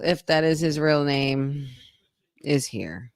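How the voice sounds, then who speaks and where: Low-voiced woman, chatty watch-along co-host. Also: animated, takes it slowly, no echo, clean studio sound. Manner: chatty, reacts aloud and reads viewer comments. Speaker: wrestling podcast co-host. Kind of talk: casual live watch-along chat.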